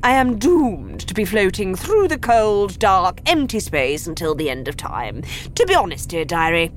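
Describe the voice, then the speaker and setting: A woman reading a children's story aloud in an animated, gleeful, theatrical way. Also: mid-range voice, normal speed, a little hiss or hum. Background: music.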